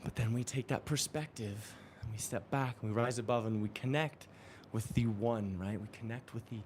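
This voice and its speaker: A man's voice: mid-range voice, steady tone, normal speed, a little mellow, a little hiss or hum. A man exercising during a live-streamed motivational talk, earnest and affirming, often chuckling. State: exercising while talking. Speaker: spiritual coach.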